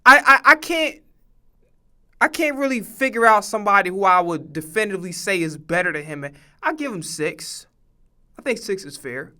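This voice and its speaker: Man, streamer, heated, profane, repeats himself, bright forceful voice. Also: high voice. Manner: heated, emphatic, repeats himself, swears a lot. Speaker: streamer reacting to a sports show. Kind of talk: profane casual reaction commentary.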